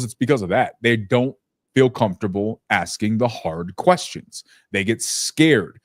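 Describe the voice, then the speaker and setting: A man hosting a casual business podcast who tells stories bluntly and profanely and slips into lively impressions of people. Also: medium pitch, no echo, clean studio sound. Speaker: podcast host.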